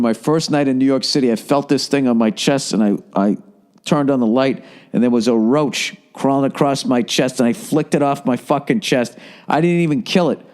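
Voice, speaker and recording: A man in his forties with a Boston accent, rambling through a profane, casual podcast monologue, dropping to low mumbles and rising to loud bursts. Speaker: podcast host.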